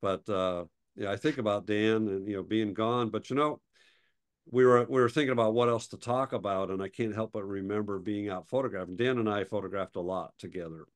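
A man's voice: fairly low pitch, a little fast. A middle-aged man co-hosting a photography talk show, telling stories in casual chat, chuckling often and turning wistful when he remembers old friends. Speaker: podcast co-host.

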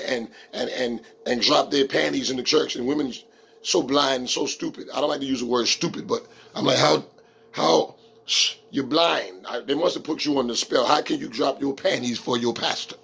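A man preaching a sermon as a street pastor, emphatic and slowing down to read scripture verses. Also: mid-range voice, fairly even intonation, creaky, fairly bright tone, slightly rough.

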